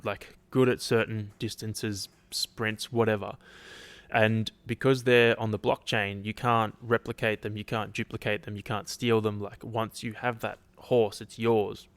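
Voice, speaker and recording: A man's voice: lowish voice, a bit bright, clear, resonant tone, no room sound. A man hosting a casual solo podcast, rambling, restarting sentences and swearing offhandedly, his throat a little dry. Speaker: podcast host.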